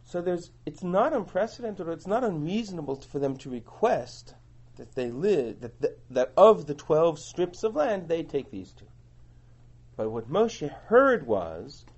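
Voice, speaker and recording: Husky animated man teaching a class. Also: a little high, unhurried. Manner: animated, explaining, reads and translates passages. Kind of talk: Torah class lecture. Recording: dull lo-fi recording.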